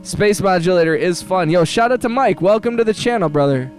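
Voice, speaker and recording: High-voiced, laid-back young streamer guy. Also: animated, a little fast, faint music behind. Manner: laid-back and joking, slangy, laughs often. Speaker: music producer streaming live. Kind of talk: casual livestream chat. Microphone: phone.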